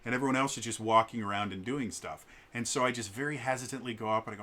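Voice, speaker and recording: A man's voice: mid-range voice, fast talker, fairly bright tone. A man in his thirties telling a personal story in a casual, hesitant way, with frequent stammers and restarts. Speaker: vlogger.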